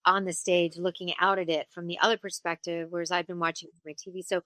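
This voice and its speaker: A woman voice actor and singer chatting as an interview guest, telling stories in an animated way and slipping into character voices. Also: fairly low pitch, quick pace, no room sound. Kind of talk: casual interview chat.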